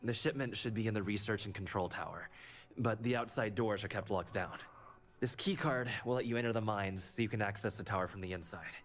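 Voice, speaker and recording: A steady male mission briefer from a sci-fi game, voiced by a man. His lowish voice gives orders in an even, businesslike way. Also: fairly quick, lightly acted. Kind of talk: game dialogue.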